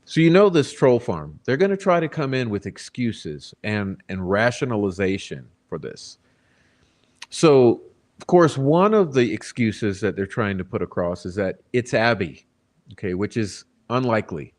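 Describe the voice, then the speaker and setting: A man's voice: lowish voice, big pitch swings, unhurried, darkish tone. A man hosting a casual livestream commentary, insistent and repeating his words as he argues a point. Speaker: livestream host.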